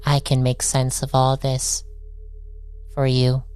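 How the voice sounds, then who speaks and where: A man voicing a loyal robot companion who speaks calmly and formally to guide his friend. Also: medium pitch, slow pace, clear, resonant tone, voice pushed up, lightly acted. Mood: reassuring. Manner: calm, flat, formal speech.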